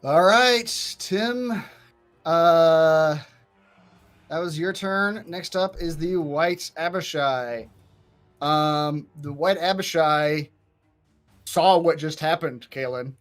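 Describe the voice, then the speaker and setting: A man's voice: a little high, takes it slowly, fairly bright tone, soft background music. A man narrating as game master in a tabletop game, speaking with frequent fillers and restarts.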